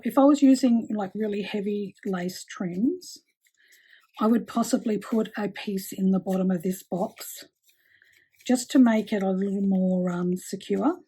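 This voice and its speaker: Mellow-voiced woman demonstrating a craft. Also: mid-range voice, husky. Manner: chatty, many fillers, talks while working with her hands. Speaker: craft tutorial host.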